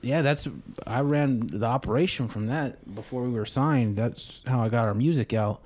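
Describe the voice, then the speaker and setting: A man's voice: medium pitch, moderate pace, a little mellow. A man telling a rambling, profane story in a casual podcast chat, as a guest who once played in a band. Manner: profane, rambling, laid-back.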